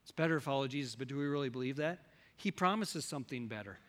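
A man preaching a sermon to his congregation, questioning them directly and swinging between loud and soft delivery. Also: medium pitch, animated, fast talker, long reverb tail. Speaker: pastor.

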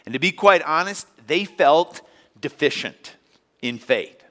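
A man's voice: on the high side, expressive, a little slow, a bit bright. A man preaching a sermon in a church, talking conversationally and acting out little scenes for the congregation. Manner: conversational preaching with acted-out asides. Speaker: pastor. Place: church sanctuary. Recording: long hall reverb.

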